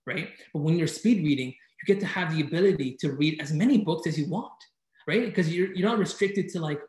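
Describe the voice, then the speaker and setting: A man's voice: on the high side, a little mellow. Upbeat male presenter in an echoey room. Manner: enthusiastic, fast-talking, keeps asking "right?". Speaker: conference speaker teaching speed reading. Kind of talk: energetic online presentation. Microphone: video call.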